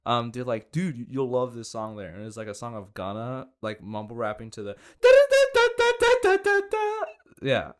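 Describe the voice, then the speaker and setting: A man's voice: on the low side, steady tone, faint music behind. Playful, teasing podcast co-host man. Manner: playful, teasing, quick to laugh. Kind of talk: casual comedic chat.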